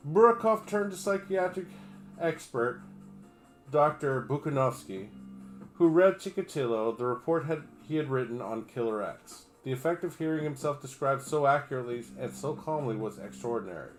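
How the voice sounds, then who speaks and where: Man, streamer, reading aloud, sarcastic cussing asides, trips on words, mid-pitched voice. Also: lively intonation, moderate pace, faint music behind. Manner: reads steadily, breaks off for crude, sarcastic asides; stumbles over names and words. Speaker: livestreamer. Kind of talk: reading an article aloud on a livestream.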